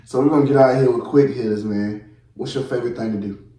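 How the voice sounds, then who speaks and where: A man's voice: mid-range voice, fairly even intonation, fast talker, mellow, recorded from a distance. Blunt, slangy man hosting a podcast. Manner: blunt, slangy, talks straight to listeners. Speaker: podcast host. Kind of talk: casual podcast chat. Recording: roomy, from off mic.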